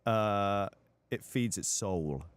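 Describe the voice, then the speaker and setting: A man's voice: on the low side, very slow, clear, resonant tone, no room sound. A young British man, a voice actor being interviewed, explaining things thoughtfully with frequent fillers. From United Kingdom. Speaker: voice actor guest. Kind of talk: casual interview on a livestream.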